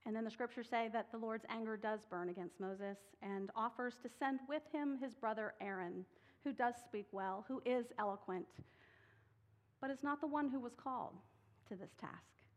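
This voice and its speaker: A woman's voice: on the high side, moderate pace. A woman preaching a sermon, reading scripture dramatically and voicing the people she quotes with rising intensity. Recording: long hall reverb.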